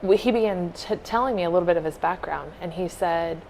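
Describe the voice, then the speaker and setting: A woman's voice: on the low side, brisk, darkish tone, a little hiss or hum, poor audio. A woman co-hosting a podcast, earnestly retelling a heartfelt story in casual conversation. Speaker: podcast co-host.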